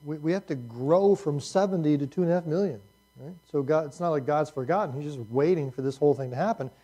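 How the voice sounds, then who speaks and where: A man's voice: a little high, fast, mellow, slightly rough. A man teaching a class in a conversational lecture, talking casually with asides to his students.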